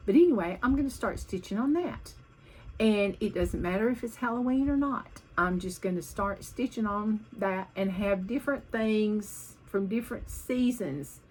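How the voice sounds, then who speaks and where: A woman's voice: mid-range voice, moderate pace, darkish tone, poor audio. A woman vlogging about her cross-stitch projects in a chatty, rambling way, hopping from one topic to the next.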